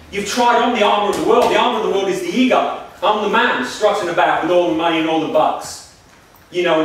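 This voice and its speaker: A man's voice: high voice, very echoey, a little hiss or hum. A man giving a spiritual workshop lecture in an emphatic, repetitive, preacher-like way, recorded on a distant mic in a lecture room.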